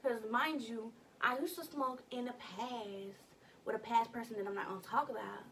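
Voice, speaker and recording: A woman's voice: fairly high pitch, normal speed, far from the mic, a little hiss or hum. Slangy young woman telling a story. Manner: animated, slangy storytelling with cussing. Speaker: vlogger. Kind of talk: casual storytime vlog. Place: her bedroom.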